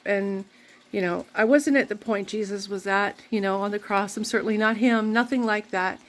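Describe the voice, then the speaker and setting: A woman's voice: medium pitch, normal speed. A woman vlogging, telling a rambling, candid personal story full of faith talk. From Canada.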